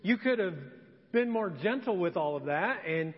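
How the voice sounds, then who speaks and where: A fussy husband complains and lectures at length in a high, nagging voice, put on by a male pastor in a sermon. The voice echoes in a long hall reverb and sounds slightly dull. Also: expressive, normal speed. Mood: complaining.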